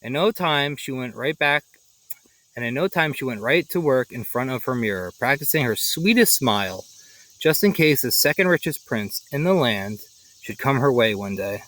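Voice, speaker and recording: A man reading a children's picture book aloud, animated and pausing for his own asides. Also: mid-range voice, rough recording. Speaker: storyteller.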